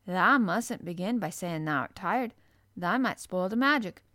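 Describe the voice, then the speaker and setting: A woman voicing a calm country boy in a storybook, speaking. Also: on the low side, a little slow, dry recording, studio quality. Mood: gentle.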